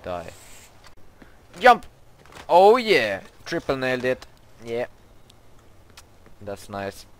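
A young man, commenting on his own video game play, who gets excitable and yelps and shrieks when startled. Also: medium pitch, very slow, long pauses. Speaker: gaming YouTuber.

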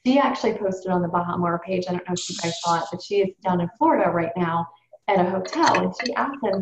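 A woman speaks quickly with a fairly low pitch, crowd noise audible behind her. She's leading a sales team training call, chatty and upbeat, addressing everyone directly, over roomy, dull call or webinar audio.

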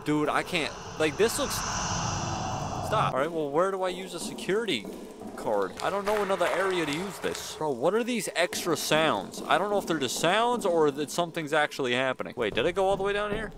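Game music and heavy background noise sit under a young YouTuber's casual horror game commentary. Nervous and chatty, he talks to himself as he plays, his fairly high voice brisk and lively in intonation.

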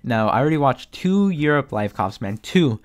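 A young man giving casual live commentary to his viewers, excitable and full of slang and swearing. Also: medium pitch, moderate pace. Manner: excitable, swears a lot, keeps saying "bro". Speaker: streetwear vlogger.

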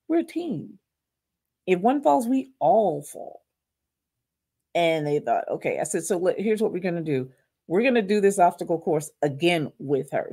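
A middle-aged woman tells her story as a podcast guest. She brings the people in it to life as she goes. Her voice sits a little low. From Louisiana. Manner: animated storyteller, acts out quotes.

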